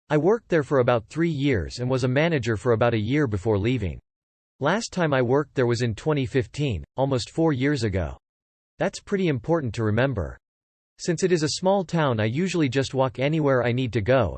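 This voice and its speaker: A man's voice: medium pitch, a little mellow, no echo. A man reading stories in a dry, close voice. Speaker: story reader. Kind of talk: scripted narration.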